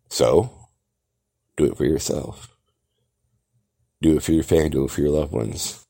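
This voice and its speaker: A man's voice: a bass voice, normal speed, gravelly, long pauses, warm tone. A man hosting a podcast, delivering a grandiose, theatrical monologue that lectures the listener. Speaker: podcast host. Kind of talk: grandiose self-promoting monologue.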